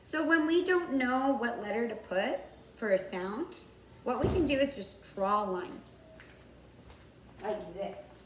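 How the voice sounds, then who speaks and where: Woman teacher, slow and patient, recorded off-mic in a roomy space. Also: a little high, animated, background noise. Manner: slow and patient, sounding out words carefully. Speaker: kindergarten teacher. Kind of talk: recorded writing lesson for young children. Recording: roomy, from far off the mic, faint background ambience.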